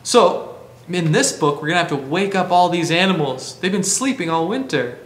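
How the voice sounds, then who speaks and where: A man hosting a library storytime, reading a picture book to children and asking them gentle questions. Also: high-pitched, animated, normal speed. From Canada.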